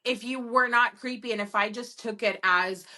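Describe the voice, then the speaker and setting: A woman co-hosting a casual podcast, emphatic and expressive, often acting out what people say. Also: fairly high pitch, very noisy. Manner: expressive and emphatic, quick to act out lines. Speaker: podcast co-host. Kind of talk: casual chat.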